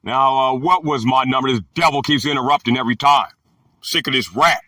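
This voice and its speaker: A man teaching a Bible word-study lesson, talking haltingly with many filler pauses. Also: medium pitch, bright, forceful tone, no room sound, studio quality, distant mic.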